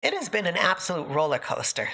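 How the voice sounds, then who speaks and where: Woman streamer, casual live chat, bright lively voice, emotional and close to tears. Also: on the low side, fast, breathy edge. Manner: emotional, near tears, laughing often.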